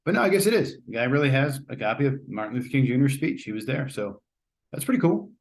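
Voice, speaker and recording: A man's voice: mid-range voice, big pitch swings, fast talker, creaky, slight background noise. A man hosting a casual spoken movie review, chatty and rambling, often hedging and restarting his sentences. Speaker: host.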